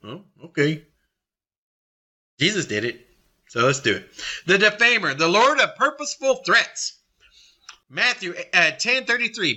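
A middle-aged man leading a Bible study, blunt and confrontational, with quick asides to his group. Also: sits high, very animated, sharp tone. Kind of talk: forceful Bible study teaching.

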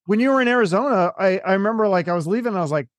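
Give me a quick, high-voiced male interviewer. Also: lively intonation. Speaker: podcast host. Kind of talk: casual interview chat.

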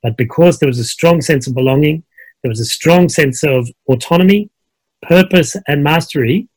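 This middle-aged Australian guest coach has a slightly high, slightly rough voice and a moderate pace, recorded with no room sound. In a casual video-call conversation, he tells stories in a relaxed way and uses many fillers.

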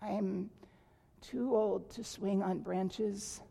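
A woman's voice: mid-range voice, fairly even intonation, slow pace, gravelly, mellow, breathy edge, heavily acted. A woman reading aloud and voicing a boy in a storybook who keeps asking for things, plain and matter-of-fact. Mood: weary. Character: boy growing from child to tired old man.

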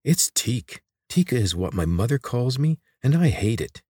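Man doing a blunt sarcastic teen girl, raised pitch, lively swoops, dry close sound. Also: normal speed, breathy edge, no room sound. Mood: guarded, bitter. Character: sharp-tongued teenage girl inventor.

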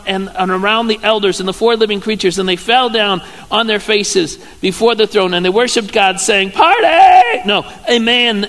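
A man, a pastor giving a sermon in a playful, joking storytelling way with sudden loud exclamations. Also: high voice. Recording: church hall reverb.

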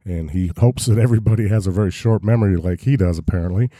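A man's voice: fairly low pitch, fast, dark tone, no room sound, clean studio sound. A man co-hosting a podcast, talking in a critical, wry way. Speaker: podcast co-host. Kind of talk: opinionated podcast chat.

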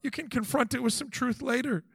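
A man preaching a sermon to couples, animated, acting out little quoted exchanges and firing rhetorical questions. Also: very high voice, fairly quick, creaky, breathy edge, dry recording. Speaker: pastor.

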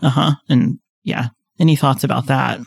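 A man co-hosting a casual chat, explaining ideas in a measured way and turning questions to the others. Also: mid-range voice, fairly even intonation, creaky, husky, dry recording.

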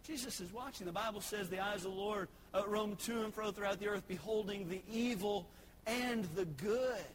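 A man preaching a sermon, swinging between loud exhortation and hushed earnestness. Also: high-pitched, moderate pace, a little hiss or hum, low-quality recording.

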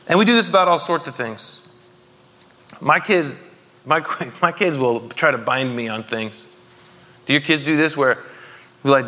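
Speaking on the high side, this thirty-something pastor is animated and sharp, moving at a moderate pace with long pauses. His sermon is chatty and humorous, full of questions thrown to the congregation, and the church hall lends it a long echo.

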